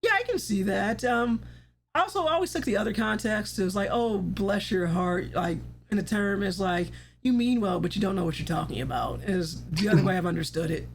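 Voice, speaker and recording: A woman's voice: medium pitch, lively intonation, a little fast, a little hiss or hum. A woman hosting a casual livestream chat, rambling along, laughing often and swearing casually. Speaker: livestream host.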